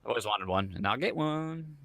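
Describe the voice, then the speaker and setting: A man's voice: mid-range voice, lively intonation, brisk, a bit bright, no echo. A man co-hosting a casual podcast, rambling about his week and trailing off mid-thought. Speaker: podcast co-host. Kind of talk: casual chat.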